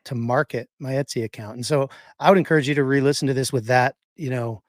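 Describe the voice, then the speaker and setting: A man's voice: medium pitch, steady tone, fast, no room sound, studio quality. A man co-hosting a casual podcast, giving advice with lots of fillers. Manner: rambling, many fillers. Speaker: podcast co-host.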